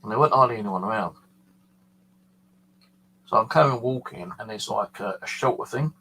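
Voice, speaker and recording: A man's voice: on the low side, moderate pace, pushed and bright, breathy edge, rough recording. A man with a British accent telling a paranormal story in a casual, rambling way, full of fillers. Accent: British English. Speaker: paranormal channel host.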